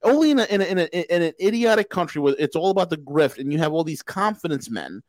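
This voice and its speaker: A male podcast host rants with a lively voice that jumps up and down in pitch. He hammers the same phrase again and again and trips into restarts. The sound is close and dry. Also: fast, no room sound. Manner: emphatic, repetitive, restarts mid-sentence. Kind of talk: casual political rant.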